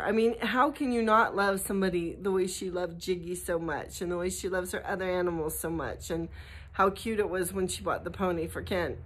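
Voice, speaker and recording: An American woman in middle age talks casually into the camera for a vlog. She rambles and restarts, breaks off to coo at her dog, and then comes back to her list. Her voice sits at an ordinary, medium pitch. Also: a bit bright. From United States. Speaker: vlogger.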